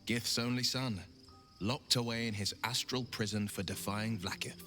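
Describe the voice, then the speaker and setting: An actor playing a wry, thoughtful wizard companion in a video game, speaking in an articulate, theatrical way. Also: male voice, lowish voice, fairly even intonation, moderate pace, sharp tone. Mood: musing. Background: game music and crickets.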